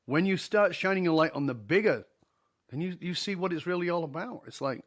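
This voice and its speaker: High-pitched, animated, and fairly quick, a middle-aged man tells a conversational story as a podcast guest. He's a leadership speaker, and he acts out the dialogue while laughing along.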